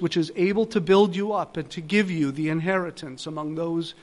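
A man preaching a Sunday sermon, his voice pitched high for a man. He pleads earnestly, repeats key phrases for emphasis and swells toward insistence. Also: steady tone, brisk, hardly any pauses. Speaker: pastor.

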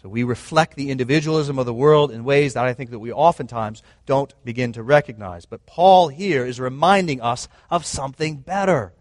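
A man's voice: medium pitch, normal speed, few pauses, no room sound. A man preaching a sermon in an earnest, emphatic way, often restating his points. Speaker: pastor.

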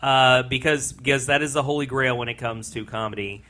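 A man's voice: medium pitch, fairly quick, pushed and bright. A man co-hosting a podcast, chatting casually and rambling about a movie, laughing often. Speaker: podcast co-host. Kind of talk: casual movie-review chat.

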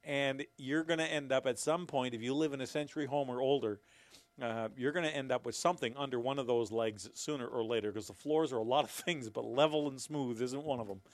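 A man's voice: mid-range voice, fairly quick, no echo. A man hosting his own commentary, sarcastic and rambling, chuckling at his own jokes. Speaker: commentary host. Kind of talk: casual commentary to camera.

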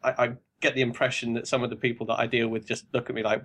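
An English man chatting casually on a podcast, his pitch right in the ordinary middle range for a man. He rambles along at an easy pace and now and then laughs as he talks. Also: racing. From England. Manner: relaxed, rambling, laughs while talking. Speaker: podcast guest. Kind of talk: casual chat.

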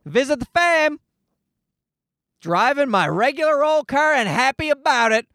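High, lively-voiced man ranting. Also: a little slow, no room sound, clean studio sound. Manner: animated, profane, worked-up ranting. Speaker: podcast host. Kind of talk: casual solo rant.

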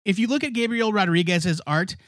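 A man's voice: high-pitched, a little fast, fairly bright tone, no echo, studio quality. A man co-hosting a podcast, chatting casually about comics, rambling and correcting himself as he goes. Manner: rambling, self-correcting, laughs often. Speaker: podcast co-host. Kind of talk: casual comic review chat.

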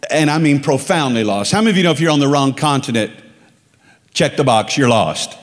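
A man's voice: medium pitch, lively intonation, brisk. A man from the Dakotas preaching as a guest speaker, emphatic and calling on the congregation to repeat phrases after him. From Dakotas, United States. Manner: emphatic, calls for congregation responses. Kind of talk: sermon. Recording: long reverb of a large hall.

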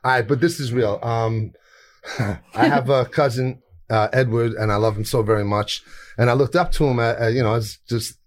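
A man's voice: mid-range voice, fairly even intonation, moderate pace. A man, a chef guest telling stories in a casual, rambling interview, laughing often and restarting sentences. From New York.

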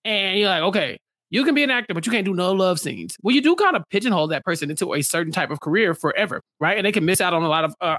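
A man chats in a lively, playful way, full of slang, and often slips into acted-out quotes. His voice is recorded close and dry, with no room sound. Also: high-pitched, no room sound. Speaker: podcast co-host. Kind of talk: casual recap chat.

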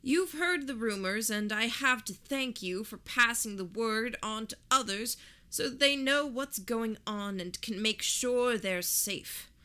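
Woman playing a plump male politician, loud projecting speech, bright voice, storybook reading. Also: mid-range voice, lively intonation. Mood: projecting reassurance. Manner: projecting, reassuring, rushed. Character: short plump male politician, practiced loud public speaker.

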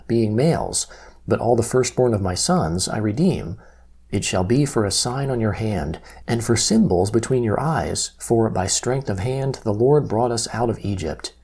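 A man reading Bible passages aloud in a steady, measured way, with quoted lines lifted slightly. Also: mid-range voice, breathy edge. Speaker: Bible reader.

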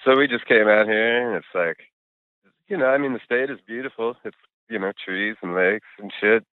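A middle-aged man with a deep, low voice chats in a laid-back, rambling way, full of fillers and cuss words. He comes through a thin, phone-like remote line with no room sound at all. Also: moderate pace, clear, resonant tone, dry recording. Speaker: guest musician. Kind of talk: casual interview chat over a call.

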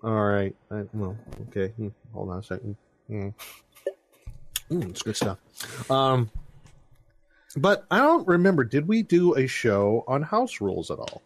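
A man's voice: medium pitch, sing-song, moderate pace. A middle-aged man hosting a casual podcast, reading listener reviews aloud with jokes, close to a dry mic. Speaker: podcast host.

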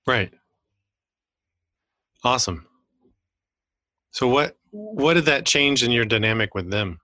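A man's voice: medium pitch, very animated, slow, sharp tone, no echo, studio quality. A man hosting an interview, answering with short reactions and asking follow-up questions. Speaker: podcast host. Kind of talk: casual interview.

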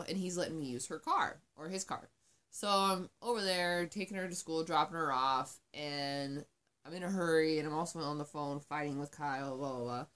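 A woman chatting casually, telling a story in a profane, animated way. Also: low voice. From Arizona. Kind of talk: casual chat.

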